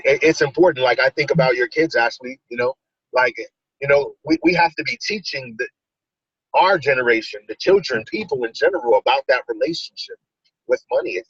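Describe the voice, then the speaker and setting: A man's voice: medium pitch, husky, dry recording, far from the mic. A middle-aged man in a casual motivational chat who rambles, restarts and fills with "you know". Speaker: discussion participant. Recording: dull lo-fi video call audio.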